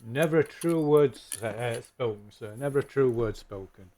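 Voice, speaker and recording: A man's voice: mid-range voice, normal speed, dark tone, lightly acted. A man voicing a polite, evasive rural bus driver who hesitates a lot and keeps calling people sir. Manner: deferential, hesitant, calls everyone sir.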